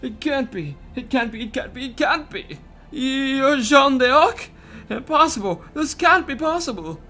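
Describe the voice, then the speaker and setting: Shrill, frantic old bishop, terrified and cowering , a man reading the part, game music faint underneath. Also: lively intonation, unhurried, pushed and bright, heavily acted. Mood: panicked.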